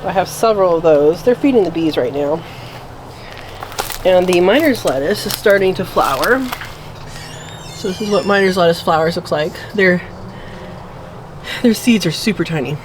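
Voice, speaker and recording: Lady chatting through her garden outdoors, lowish voice, a bit of outdoor noise behind her. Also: animated, normal speed, long pauses. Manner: chatty, talks sweetly to pets and rabbits. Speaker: homesteading vlogger. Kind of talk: casual garden walkthrough.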